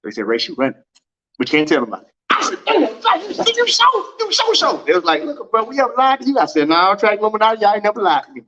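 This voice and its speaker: A man hosting a casual livestream from home, telling a story and acting out quoted dialogue with big pitch swings. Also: sing-song, rapid-fire, a bit bright, dull audio, slight background noise. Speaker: track and field livestream host.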